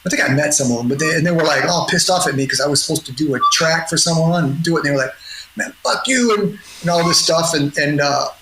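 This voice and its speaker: A man's voice: fairly high pitch, steady tone, fast talker, few pauses. Guest producer, middle-aged man, loose talker, lots of restarts; roomy recording with background noise. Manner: rambling, laughing, many restarts and quoted voices. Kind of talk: casual storytelling in a podcast interview. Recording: roomy sound with noticeable noise.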